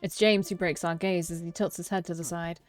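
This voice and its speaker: A young woman with a fairly low voice reads a visual novel aloud, voicing the first-person narrator. She keeps stumbling and correcting herself, then drops into playful, swearing side comments. Soft music plays faintly underneath. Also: fairly even intonation, brisk. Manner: breaks off narration for joking, swearing asides; restarts and self-corrections while reading. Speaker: let's play streamer.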